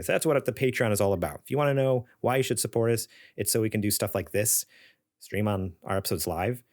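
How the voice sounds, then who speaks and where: Brief: male podcast co-host, a touch low-pitched, loose and rambling, laughs a lot, casual gaming chat. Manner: rambling, laughs often, many fillers.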